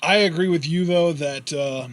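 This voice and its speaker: A man's voice: fairly high pitch, normal speed, dry recording. A man co-hosting a wrestling podcast, talking casually and playfully while saving his voice. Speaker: podcast co-host.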